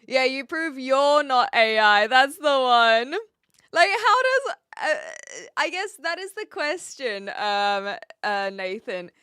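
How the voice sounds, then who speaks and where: A woman's voice: sits high, lively intonation, slow pace, sharp tone, smooth, no room sound, studio quality. A woman from New Zealand with a light accent, chatting casually with viewers on a live stream, laughing often and trailing off mid-sentence.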